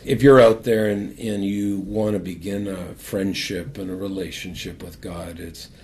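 Deep-voiced older man sharing testimony. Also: measured pace, slight background noise. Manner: earnest, animated storyteller. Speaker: guest, former hockey captain. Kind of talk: personal testimony and storytelling.

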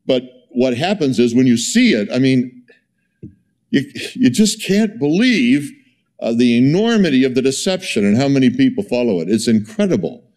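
A man giving a sermon in a conversational, storytelling way, full of fillers and restarts, his pitch jumping up when he is incredulous. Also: very animated, normal speed, a little mellow. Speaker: pastor.

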